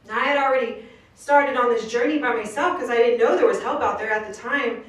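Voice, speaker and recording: A woman's voice: on the high side, brisk. Woman giving an inspirational speech, roomy. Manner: earnest storytelling, casual street slang. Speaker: motivational speaker. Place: live speaking venue. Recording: roomy distant live recording.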